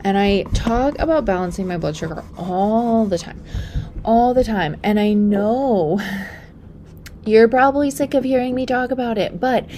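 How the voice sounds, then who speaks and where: A young pregnant woman hosting a casual solo podcast. She talks in a chatty way and often drops to a soft, breathy near-whisper. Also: fairly high pitch, a little slow, a little hiss or hum. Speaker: podcast host and functional practitioner.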